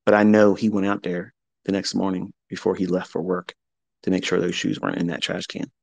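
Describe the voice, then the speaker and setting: A man's voice: sits low, flat delivery, fairly quick, vocal fry, husky, no room sound. Blunt, profane middle-aged man. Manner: confessional, reflective. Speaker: trading mentor. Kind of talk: candid motivational talk.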